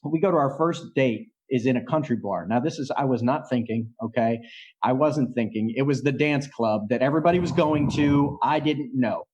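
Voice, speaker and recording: A man on a podcast as a guest, telling a story in an animated way and swearing freely. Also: mid-range voice, normal speed, slightly rough, highs cut off. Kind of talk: casual storytelling.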